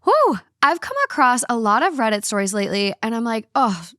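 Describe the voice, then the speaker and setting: A young adult woman hosting a podcast in a studio, chatting casually in a fast, excitable, rambling way. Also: on the high side, no echo. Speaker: podcast host. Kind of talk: casual chat.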